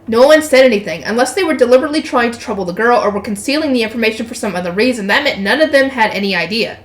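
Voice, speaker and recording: Female reader, higher voice, narrates a novel with casual off-script asides; roomy echo. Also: expressive, very fast. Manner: chatty asides, swears, laughs at herself. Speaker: channel host reading a novel aloud. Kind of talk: reading a light novel aloud with casual commentary.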